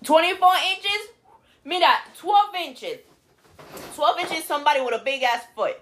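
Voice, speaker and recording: A woman's voice: high-pitched, animated, measured pace, fairly bright tone. A woman co-hosting a podcast in casual chat, crude and joking, slipping Spanish words into her English. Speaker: podcast co-host.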